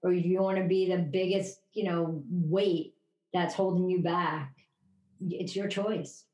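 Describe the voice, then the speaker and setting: A woman co-hosting a casual podcast chat, rambling and upbeat with halting restarts. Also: on the low side, steady tone, a little mellow. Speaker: podcast co-host. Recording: echoey room.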